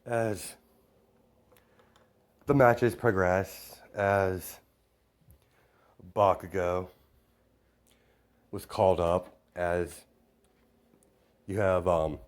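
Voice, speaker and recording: Young man, low pitch, improvised rambling storytelling, self-correcting. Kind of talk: improvised fan-fiction narration.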